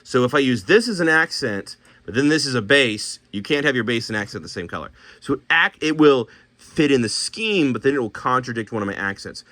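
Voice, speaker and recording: A man's voice: mid-range voice, expressive, brisk, sharp tone, no room sound. A man casually thinking aloud as he shows paints and miniatures, talking himself through color choices with many restarts.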